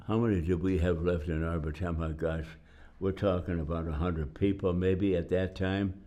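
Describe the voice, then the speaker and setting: An older man with a lowish voice recounts his wartime memories in an interview. He tells the stories vividly, jumping into the voices of the people in them and into the sounds of gunfire. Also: mellow. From Detroit, United States. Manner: vivid storytelling, acting out voices and gunshots. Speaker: war veteran interviewee. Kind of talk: oral history interview.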